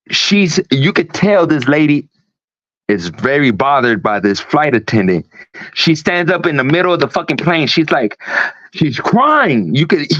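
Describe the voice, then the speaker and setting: Profane ranting man, slightly high voice. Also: a bit bright, dry recording. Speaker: host. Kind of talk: casual livestream talk. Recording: dull lo-fi stream audio.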